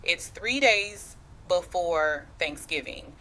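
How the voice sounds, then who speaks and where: A woman's voice: lowish voice, animated, slow pace, bright, forceful tone. A woman in her thirties telling a personal family story in the first person, slangy and confiding, speaking straight to the listener. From United States.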